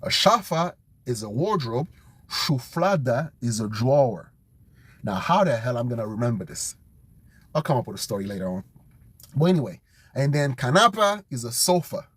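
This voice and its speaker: A man studying vocabulary out loud, thinking aloud, repeating words and making up memory tricks in a casual chat. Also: mid-range voice, sing-song, normal speed, husky, no room sound. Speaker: language learner streaming his study session.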